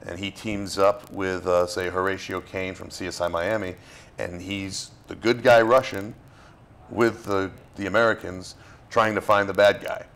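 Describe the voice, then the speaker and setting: A middle-aged actor from Florida, talking casually as an interview guest, rambling with plenty of fillers and restarts. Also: male voice, sits low, little pitch movement, moderate pace, a bit bright.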